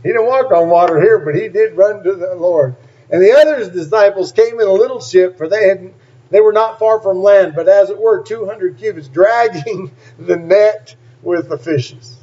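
Man preacher, fairly high voice, scripture reading with emphatic asides, muffled lo-fi sound. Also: normal speed, dark tone. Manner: reads scripture aloud and breaks in with plain, emphatic asides. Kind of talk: sermon. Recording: dull lo-fi recording.

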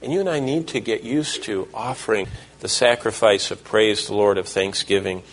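A man's voice: on the low side, normal speed. A middle-aged male pastor preaching a sermon, telling stories and quoting scripture and the people in them. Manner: storytelling, quoting scripture and voices in dialogue.

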